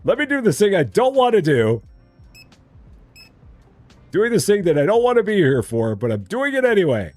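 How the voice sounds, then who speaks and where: A man's voice: very high voice, big pitch swings, a little slow, hardly any pauses, dry recording, soft background music, voice pushed up, exaggerated voice. A man voicing a grumpy, reluctant male store worker who sulks and complains. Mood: grumbling. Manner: sulky, complaining.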